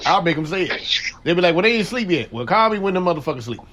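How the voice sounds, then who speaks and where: A man with a high voice hosting a loose talk show. His pitch leaps all over as he tells crude, slangy stories and laughs often. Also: quick pace, noisy background. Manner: animated storytelling, frequent laughter, crude slang. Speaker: radio show host. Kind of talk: casual chat.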